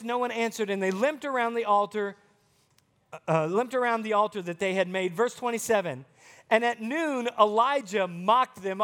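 Male Bible teacher for kids, strikingly high voice, playful retellings and questions to the children. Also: a bit bright. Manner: asks the children questions and retells verses in playful everyday words. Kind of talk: children's Bible lesson, reading scripture aloud.

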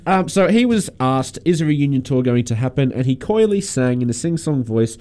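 A man's voice: mid-range voice, animated, moderate pace, hardly any pauses, a little mellow. A young man co-hosting a casual radio music show, giving long opinionated takes. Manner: opinionated, talks at length. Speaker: radio co-host.

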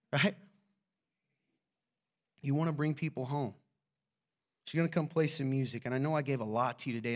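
A man preaching a conversational sermon as a pastor, joking and often asking his listeners "right?". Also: on the high side.

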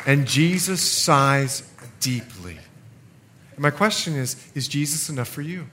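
Unhurried and a little high in pitch, a middle-aged preacher delivers a lively sermon over a noisy background. He shifts from booming to quiet and gives voice to the characters in the scripture.

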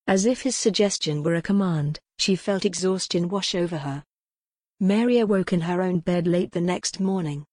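A woman narrating an audiobook in a measured, even reading. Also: on the low side, no echo. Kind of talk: scripted narration.

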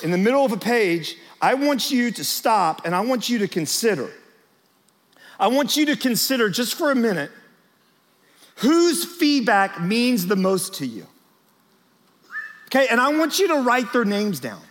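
Animated high-voiced male pastor preaching. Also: a little slow, pauses often. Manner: animated storytelling, talks straight to the crowd. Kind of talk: sermon to church leaders. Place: large church auditorium before a big crowd. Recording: long reverb of a large church hall.

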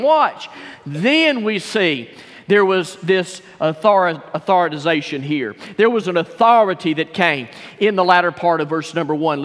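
A man, preaching a sermon as pastor with fervent, rising emphasis. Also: high-pitched. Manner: fervent Southern preacher, rising to near-shouts. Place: church sanctuary. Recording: long church reverb.

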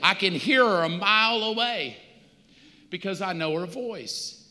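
High, bright-voiced pastor in a reverberant hall. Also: male voice, animated, unhurried. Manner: conversational storytelling with humor. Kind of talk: sermon.

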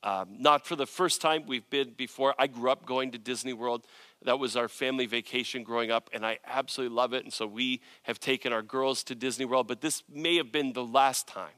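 A man's voice: mid-range voice, brisk, sharp tone, no echo. A male pastor preaching a sermon in an earnest, conversational way, often searching for words and restarting.

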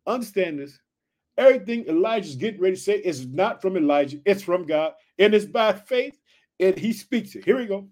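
Pumped up preacher guy, kinda high-pitched, reads scripture then riffs hard, keeps asking did you hear that. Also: animated, a little fast, a little mellow. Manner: fired-up, repeats catchphrases and questions to listeners; reads verses aloud then riffs on them. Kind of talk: energetic Bible teaching.

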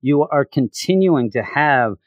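Animated man recapping a comic. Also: mid-range voice, a little slow, no echo, clean studio sound. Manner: rambling, animated. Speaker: comic book reviewer. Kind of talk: casual recap.

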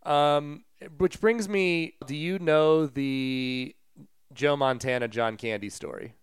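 Smooth, clear-voiced male sports podcaster. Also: on the high side, slow, no echo, clean studio sound. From Colorado. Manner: conversational, retells stories with asides and fillers. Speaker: podcast co-host. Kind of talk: casual sports podcast chat.

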